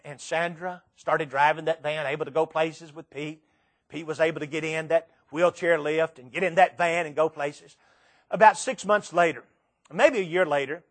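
Middle-aged man, high-pitched, emphatic sermon storyteller who leans on pauses and repetition. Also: a bit bright. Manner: emphatic storytelling with dramatic pauses and repeated phrases. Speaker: preacher.

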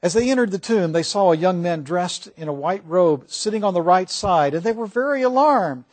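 High-voiced animated preacher man. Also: moderate pace. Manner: animated, questions to the audience. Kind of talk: sermon.

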